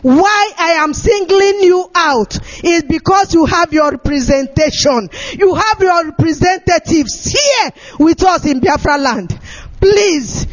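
A man delivers a passionate political address in a very high voice, dragging out his words slowly. He shouts and pleads as if near tears. The recording is dull and lo-fi. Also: lively intonation. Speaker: activist speaker.

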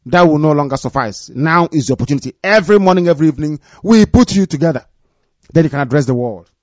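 A man's voice: expressive, fast talker, no echo. Commanding man on dull lo-fi radio. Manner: commanding, repetitive, drops low and quiet for warnings. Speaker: movement leader addressing followers on air. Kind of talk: live radio address.

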